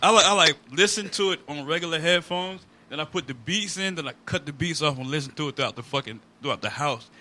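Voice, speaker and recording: A man co-hosting a podcast in casual chat, excitable and profane, laughing as he talks. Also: on the high side, quick pace, hardly any pauses, slight background noise. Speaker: podcast co-host.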